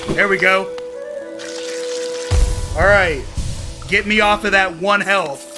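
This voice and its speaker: A man playing a video game and commenting excitedly, talking to himself as he goes. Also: high-pitched, slow, over music. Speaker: gaming YouTuber. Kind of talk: let's play commentary.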